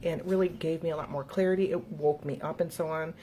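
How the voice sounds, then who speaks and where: A woman's voice: low voice, steady tone, fast, warm tone, a little hiss or hum. A middle-aged woman hosting a casual motivational talk for viewers, speaking earnestly and encouragingly and laughing easily. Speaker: host.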